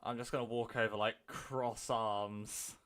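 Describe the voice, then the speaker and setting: Slow, begrudging young man at the table. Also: on the low side, steady tone, fairly bright tone. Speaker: player. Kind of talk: in-character tabletop role-play.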